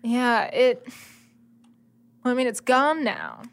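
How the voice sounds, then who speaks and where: A woman player with a high voice, speaking in character in a relaxed, offhand manner. Her replies stay short and easygoing. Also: takes it slowly, vocal fry. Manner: laid-back, offhand. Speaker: tabletop game player.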